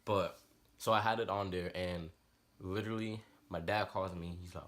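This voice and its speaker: Young man, low voice, casual storytelling, slangy and animated. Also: moderate pace. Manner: slangy, rambling, animated retelling. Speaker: vlogger.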